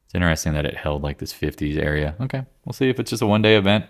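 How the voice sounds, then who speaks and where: Low-voiced guy running through stock charts, blunt and jokey, quick asides. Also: animated. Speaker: market commentator. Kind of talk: casual chart-by-chart market rundown.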